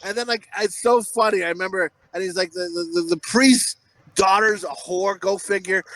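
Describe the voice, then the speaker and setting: A man's voice: high voice, moderate pace, a bit bright, no room sound. A man co-hosting a comedy podcast, rambling through crude stories in casual chat and laughing often. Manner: rambling, profane, laughs a lot. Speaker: podcast co-host.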